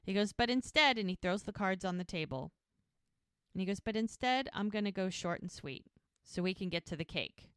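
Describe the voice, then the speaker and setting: Woman podcast host, lowish voice, chatty recapper who acts out dialogue. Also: brisk, clear, resonant tone, no room sound, studio quality. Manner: lively storyteller who voices quoted lines. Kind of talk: casual chat, retelling scenes.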